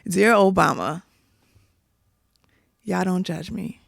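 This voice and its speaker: A woman's voice: on the low side, slow pace, vocal fry, no echo, studio quality. A woman guest on a casual podcast, laid-back and joking as she answers the host's game. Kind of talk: casual chat.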